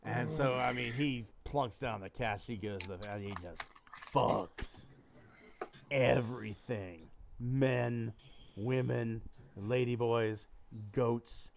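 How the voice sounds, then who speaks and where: A man's voice: medium pitch, slow pace, creaky. A man co-hosting a casual podcast, telling a crude joke and putting on voices for its characters. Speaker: podcast co-host. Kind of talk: casual crude chat about toys.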